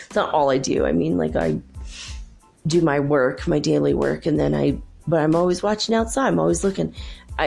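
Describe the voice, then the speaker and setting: Low, gravelly woman host talking casually. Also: mellow. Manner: chatty, exasperated storytelling with frequent fillers. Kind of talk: casual monologue to listeners.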